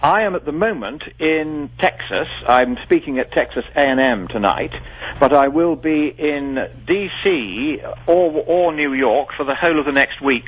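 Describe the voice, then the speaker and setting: A man's voice: medium pitch, husky. A man being interviewed on the radio, speaking in an articulate, formal and emphatic way. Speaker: guest. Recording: dull lo-fi radio broadcast.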